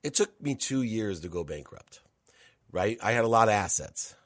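Emphatic low-voiced man telling his story. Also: expressive, fairly bright tone, no room sound, studio quality. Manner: emphatic, repeats words, quick restarts. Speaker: podcast guest, entrepreneur and coach. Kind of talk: candid personal storytelling in conversation.

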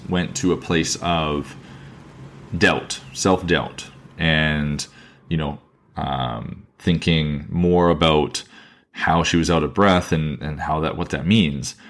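A man hosting a podcast who talks alone in an earnest, thoughtful way. He often repeats phrases, restarts his sentences and slows down to stress a point. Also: very deep voice, fairly bright tone. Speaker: podcast host, fitness coach. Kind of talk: reflective solo podcast monologue.

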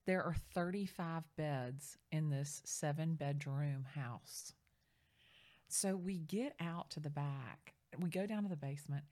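A middle-aged woman in casual chat, telling a story with lively, acted-out quotes. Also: deep voice, a little slow. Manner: animated storyteller, acts out quoted voices. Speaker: real estate agent.

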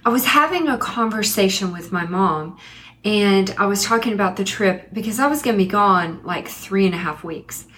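Middle-aged woman, spiritual teacher, earnest storyteller who slows down for emphasis, mid-pitched voice. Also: animated, a bit bright, slight background noise. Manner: earnest, slows down to stress key points. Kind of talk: personal storytelling monologue.

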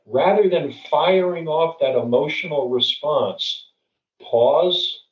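A man's voice: medium pitch, expressive, unhurried. A middle-aged man tells a story and gives advice in an earnest, conversational way, often restarting and repeating words. He sits well back from the microphone, so his voice sounds distant, with a roomy echo. The recording is dull and lo-fi. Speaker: guest speaker.

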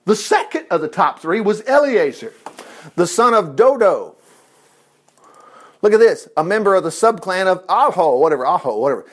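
A man reading the Bible aloud in an informal way, breaking in with excited exclamations and asides. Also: high voice. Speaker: Bible teacher.

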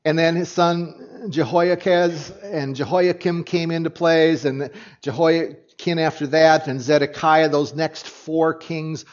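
A man preaching an animated sermon as a pastor, often restarting his sentences as he explains a passage to his congregation. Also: fairly high pitch, takes it slowly, highs cut off.

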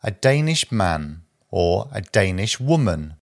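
A man reading a vocabulary list aloud as a teacher, slow and deliberate, pausing after each short phrase. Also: deep voice, very animated, gravelly.

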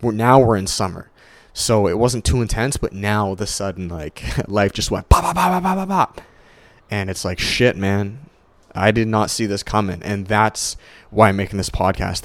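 A young man giving a casual, swearing, motivational solo podcast monologue, stumbling and restarting and swinging his pitch up high when excited. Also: dry recording. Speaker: podcast host.

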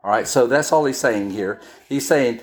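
A woman with a very deep voice teaches scripture in an easygoing, conversational way, pausing and restarting as she explains. She keeps checking that her listeners follow along. Dishes clatter and clicks sound clearly behind her. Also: background noise. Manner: checks in often with "all right?"; unhurried, with pauses and restarts. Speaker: Bible teacher. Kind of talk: conversational Bible-study sermon.

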